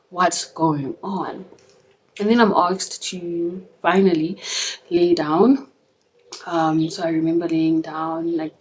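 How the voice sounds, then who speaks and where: Softly emotional woman telling a personal story. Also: lowish voice, slight background noise, rough recording. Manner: earnest, emotional retelling with many fillers and soft laughs. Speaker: vlogger.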